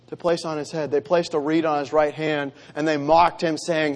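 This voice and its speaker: A man preaching with a high, light voice. He reads scripture aloud and presses his points with earnest, emphatic repetition, dropping quiet and low for the solemn moments. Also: little pitch movement, normal speed, hardly any pauses. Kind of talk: sermon.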